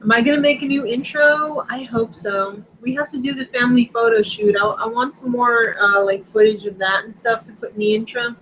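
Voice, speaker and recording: A middle-aged woman from Long Island hosting a casual live-stream chat, talking in quick asides and reading viewer comments aloud. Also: on the high side, steady tone, a bit bright, a little hiss or hum, low-quality recording. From Long Island, New York. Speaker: host.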